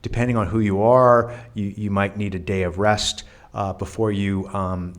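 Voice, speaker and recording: A New York man, a volunteer appearing as a guest, talks through his answers in a casual interview with a slightly low voice at normal speed. His delivery is earnest and reflective yet flat, full of small restarts.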